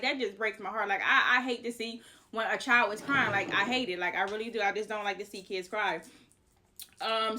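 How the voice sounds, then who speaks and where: Brief: young woman vlogger, slightly high voice, blunt and profane storyteller. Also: sharp tone. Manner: candid, profane, repetitive retelling. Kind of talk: casual storytime vlog.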